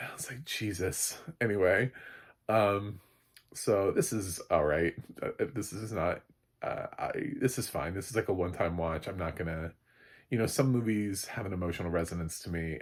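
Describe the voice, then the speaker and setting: A man giving a rambling, blunt spoken movie review, swearing freely and breaking into loud laughs. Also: low voice.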